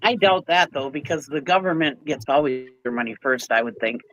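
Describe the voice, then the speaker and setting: A man on a livestream panel, calmly asking and wondering. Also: medium pitch, brisk, no room sound, rough recording. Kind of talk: casual livestream panel chat.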